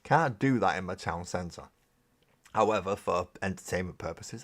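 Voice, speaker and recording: Deep-voiced man chatting casually. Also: lively intonation, moderate pace, a bit bright. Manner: rambling, self-mocking, chatty. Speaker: live stream host. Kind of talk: casual chat while painting miniatures.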